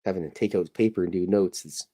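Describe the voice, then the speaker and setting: Here a middle-aged man from Canada who hosts a podcast and draws cartoons makes casual, rambling conversation at his drawing, packed with jokes and self-deprecating remarks that wander all over. He talks quickly in a warm, low voice, with slight background noise audible.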